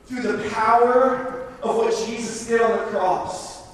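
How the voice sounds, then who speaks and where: A man's voice: extremely high pitch, fairly even intonation, unhurried, a bit bright. A man giving an earnest, conversational sermon to a youth camp, full of casual fillers. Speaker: camp speaker. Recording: echoey hall, heard from far off.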